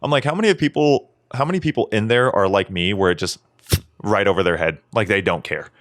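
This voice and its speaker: A man co-hosting a podcast in casual chat, animated and swearing freely, often mimicking others in a raised voice. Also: lowish voice, fast talker, no room sound, studio quality. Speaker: podcast co-host.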